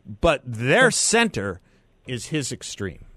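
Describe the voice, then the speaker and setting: A man hosting a political talk radio show, speaking in deliberate, drawn-out emphatic phrases. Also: medium pitch, wildly swooping pitch, sharp tone, no echo. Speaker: radio host.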